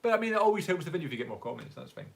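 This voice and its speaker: Very animated and rapid-fire, his fairly high voice carries some creak. The young man, a Scottish YouTuber and actor with a Glaswegian accent, chats casually through a live stream Q&A, rambling in his stories and laughing often.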